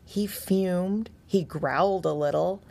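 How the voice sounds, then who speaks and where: A woman storyteller reads a children's story aloud, gentle and expressive. Her voice is fairly low and gravelly, and she takes her time.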